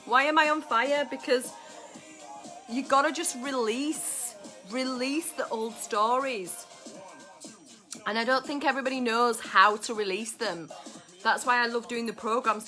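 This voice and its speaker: Bright, high-voiced woman streaming live. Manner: exuberant, swears freely, sings along to music. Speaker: astrologer hosting a live stream. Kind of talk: casual live-stream chat with viewers. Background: music playing.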